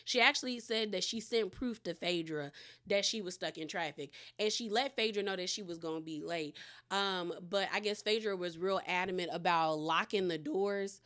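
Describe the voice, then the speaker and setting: A woman's voice: lowish voice, moderate pace, a bit bright. A woman hosting a casual recap of a reality show episode, chatty and slangy, retelling scenes as she goes.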